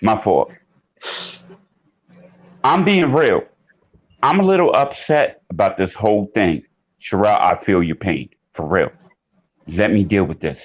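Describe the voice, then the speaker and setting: A man calling in to a live chat show, talking earnestly and emphatically, getting loud at times. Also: on the low side, animated, a little slow, long pauses, lo-fi sound. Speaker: caller. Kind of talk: casual call-in chat.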